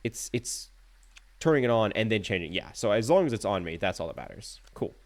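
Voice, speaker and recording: A man streaming a horror game live, talking to himself with jokey, animated commentary while keyboard clicks sound behind him. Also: on the low side, brisk.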